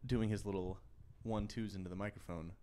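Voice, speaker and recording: A man's voice: on the low side, fairly even intonation, fast, mellow. A man co-hosting a podcast, rambling through a story in casual banter with lots of restarts. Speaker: podcast co-host.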